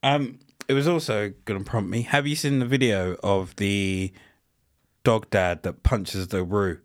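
A man's voice: on the low side, fairly even intonation, a little slow. A man co-hosting a podcast, chipping in with crude, swearing wisecracks. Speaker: podcast co-host. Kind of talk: casual podcast banter.

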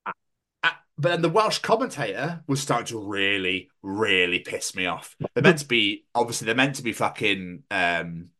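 Male podcast host; casual, profane, lively anecdotes. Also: on the low side, normal speed. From Scotland. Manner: sweary, animated storytelling.

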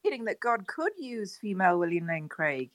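A woman on a podcast answers with skeptical, sarcastic pushback. Her voice is bright and forward, and the sound is close and dry. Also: mid-range voice, sing-song, normal speed, no room sound. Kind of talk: casual debate chat.

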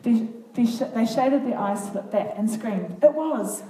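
A woman's voice: a little high, normal speed. Earnest woman reading a Bible story aloud. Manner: earnest, expressive, animated storytelling. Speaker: Bible reader to a group. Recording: echoey room, far from the mic, faint noise.

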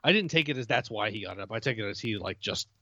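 A man's voice: on the low side, expressive, bright, forceful tone, dry recording. Hesitant married man, dull lo-fi mic. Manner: hesitant, stammers, measured. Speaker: podcast co-host. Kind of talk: casual film discussion.

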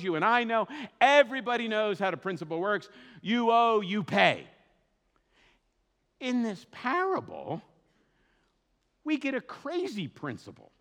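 Animated male preacher in a reverberant hall. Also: very high-pitched. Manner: animated, conversational preaching with asides and restarts. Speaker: pastor. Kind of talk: sermon. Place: church sanctuary.

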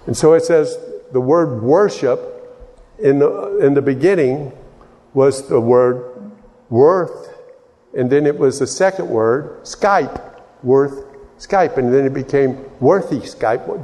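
A man's voice: on the high side, warm tone, big-room sound. A man from Texas preaching a sermon in a rambling way, often restarting his sentences and wandering into asides.

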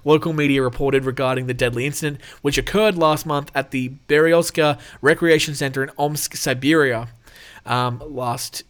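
A man's voice: mid-range voice, fairly even intonation, moderate pace. A man hosting his own show, reading out animal news stories with casual, irreverent jokes. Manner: irreverent, jokey, laughs often. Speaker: show host.

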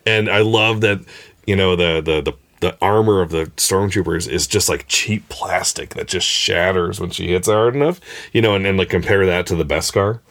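Deep-voiced enthusiastic man chatting. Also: normal speed, a bit bright. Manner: enthusiastic, many fillers and restarts. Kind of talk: casual chat recapping a TV episode.

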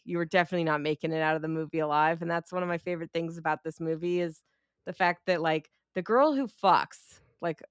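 A woman's voice: on the low side, no echo, studio quality. A woman co-hosting a podcast in casual chat, candid, enthusiastic and swearing freely. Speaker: podcast co-host.

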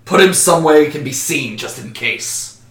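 A man voicing a gruff, stern dwarf guard captain giving orders. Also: a little high, animated, normal speed, a bit bright. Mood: commanding. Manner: gruff, commanding. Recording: echoey room, far from mic.

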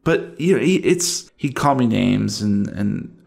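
A tipsy, sad young woman, played by a man confides in halting, broken phrases with a gravelly edge to the voice. She speaks in the ordinary middle of a man's pitch range, hesitant and drunk-sounding, in a tabletop game. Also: expressive, a little mellow, exaggerated voice. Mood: confiding, sad.

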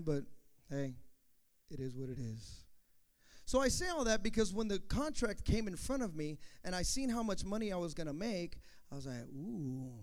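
A man who was once a youth pastor, telling a testimony story in an animated way, acting out the dialogue with playful asides. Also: high-pitched.

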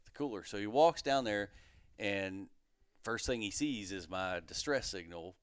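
Brief: man in his thirties, podcast guest, lively storyteller, smooth close dry sound, lowish voice. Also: measured pace, no echo. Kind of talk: casual storytelling.

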